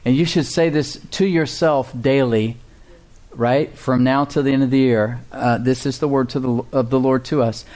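A man's voice: mid-range voice, fairly even intonation, darkish tone. Man preaching a sermon. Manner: preaching with call-and-response to the congregation; reads scripture slowly and deliberately. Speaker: pastor.

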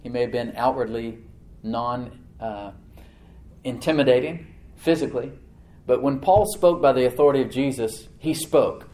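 A man preaching a sermon as pastor of his church, conversational, with repeated words and restarts, swinging from loud emphatic bursts to low quiet asides. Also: normal speed, echoey room.

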